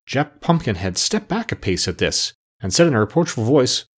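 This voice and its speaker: A man narrating a storybook aloud in an expressive storytelling manner. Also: medium pitch, a little fast, few pauses. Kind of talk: audiobook narration.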